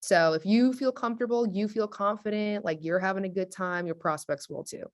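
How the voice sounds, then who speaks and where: A woman speaking as a webinar panelist, chatty and energetic, with many fillers like "like". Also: mid-range voice, fairly quick. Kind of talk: casual panel discussion.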